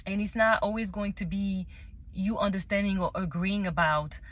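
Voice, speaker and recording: A woman's voice: mid-range voice, fairly even intonation, normal speed. Candid woman telling a personal story. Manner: candid and emotional, many restarts and laughs. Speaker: tarot reader sharing a personal story. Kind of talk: casual spoken monologue.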